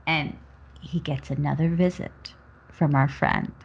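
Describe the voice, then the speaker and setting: A woman on a podcast, chatting casually about a film and retelling scenes with animated energy. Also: sits low, a little slow, vocal fry, slightly rough, muffled recording. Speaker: podcast co-host discussing a film. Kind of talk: casual chat.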